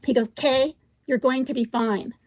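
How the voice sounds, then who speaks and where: A woman hosting a casual livestream reads text messages aloud haltingly, breaking off with ums and side comments. Her somewhat high voice has a darkish tone and fairly even intonation, recorded close to the mic and dry, with no room sound.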